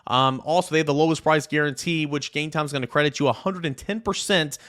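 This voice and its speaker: Guy hosting a football podcast, fired up, opinionated, goes loud then mutters. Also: on the high side, fairly quick. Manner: animated, opinionated, swings between loud jabs and muttered asides. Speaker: podcast host. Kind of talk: casual sports podcast talk with a read ad.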